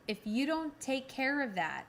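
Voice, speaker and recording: A woman's voice: high voice, very animated, unhurried, fairly bright tone. A woman co-hosting a casual podcast chat, blunt and swearing freely, laughing now and then as she talks. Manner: blunt, swears often, laughs mid-sentence. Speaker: podcast co-host.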